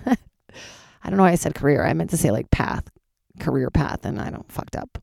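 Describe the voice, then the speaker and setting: A woman in her thirties, a comedian, chatting alone from her closet, candid and swearing, sounding tired and jumping into high squeaky voices for her own reactions. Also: animated, brisk, creaky, dark tone, dry recording, studio quality. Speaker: comedian podcast host. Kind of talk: casual solo chat.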